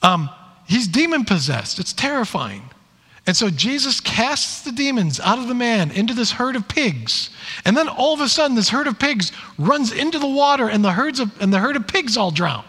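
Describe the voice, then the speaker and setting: Lively high-voiced male preacher. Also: normal speed, husky. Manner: animated storytelling, acts out quoted lines. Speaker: pastor. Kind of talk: sermon. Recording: long hall reverb.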